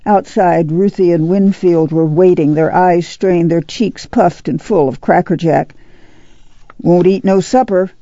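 Male narrator, gravelly and warm, dry lo-fi studio. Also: a little high, fairly even intonation, unhurried, few pauses, dry recording. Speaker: audiobook narrator. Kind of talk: scripted narration.

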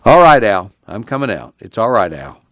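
A man as a tired, steady country father, low-key and drawling. Audiobook reading with a dry close sound. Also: moderate pace, dry recording. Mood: calming. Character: weary middle-aged father, slow and steady.

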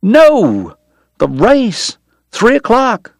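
A skinny, coughing frontier dentist, quick to take offense and stubbornly insistent, as a male narrator puts him on. The voice sits higher than the reader's own and presses every point. It is read close and dry, with no room around it, like a storybook audiobook. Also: very animated, no room sound. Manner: indignant and insistent. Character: skinny coughing Southern dentist, proud and touchy, adult man.

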